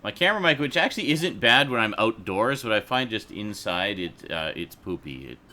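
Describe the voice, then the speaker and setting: Bright-toned, rambling male stream host. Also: on the low side, big pitch swings, normal speed, a little hiss or hum. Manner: rambling, laughs often, swears casually. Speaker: livestream host. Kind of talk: casual livestream chat. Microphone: desk USB microphone.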